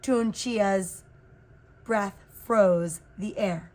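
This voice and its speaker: A woman reading a children's picture book aloud in an expressive, unhurried way. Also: medium pitch, slight background noise. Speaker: reader. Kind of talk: storybook read-aloud.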